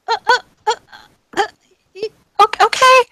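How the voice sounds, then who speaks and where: A woman's voice: fairly even intonation, unhurried, pushed and bright, exaggerated voice. A woman voicing a short, stout female goblin receptionist who stammers in fright. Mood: panicked. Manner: stammering, high and panicked.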